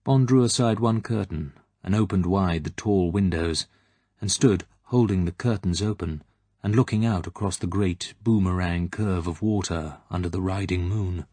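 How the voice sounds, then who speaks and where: A man reading a novel aloud in measured scripted narration. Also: sits low, dark tone, no room sound. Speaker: audiobook narrator.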